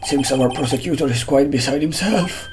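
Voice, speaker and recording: A man's voice: moderate pace, slight background noise, close to an everyday voice. A man voicing an elderly courtroom judge in a formal, raised voice, reading game dialogue on stream. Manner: formal, raised high pitch.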